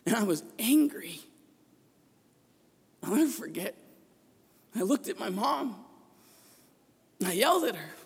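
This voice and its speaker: A man preaching a sermon as a priest, telling a personal story with passion and rising to shouts at the peaks, recorded in a church. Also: high voice, very animated, takes it slowly, vocal fry, long pauses, husky. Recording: long echo of a large church.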